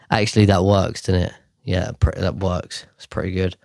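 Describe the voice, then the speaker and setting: A man's voice: low-pitched, fairly even intonation, moderate pace, creaky, a little mellow, no echo. Rambling, chatty man with a dry sound. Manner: rambling, self-correcting, chatty. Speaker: host. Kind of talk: casual monologue.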